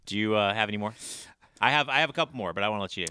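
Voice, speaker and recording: Quick blunt guy on a podcast, bright crisp voice. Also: fairly low pitch, dry recording, clean studio sound. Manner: blunt, argumentative, swears. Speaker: podcast co-host. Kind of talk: casual chat.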